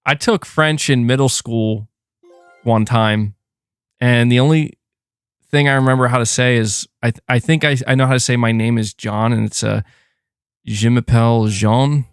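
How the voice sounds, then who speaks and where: A man hosting a casual gaming live stream, reading and answering super chats in a chatty, animated way with frequent fillers. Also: mid-range voice, normal speed, smooth, dry recording, studio quality. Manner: chatty and animated, thanks donors, frequent fillers and self-corrections. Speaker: gaming channel host.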